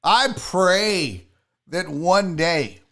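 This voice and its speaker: Animated, profane man ranting. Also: sits high, extremely slow. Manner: profane, animated, talks to chat viewers. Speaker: podcast host. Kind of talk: casual live-stream rant.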